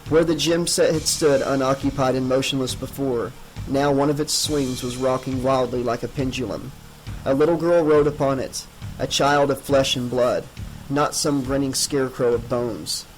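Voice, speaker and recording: A man narrating a horror novel as an audiobook in a measured, dramatic reading. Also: medium pitch, low-quality recording.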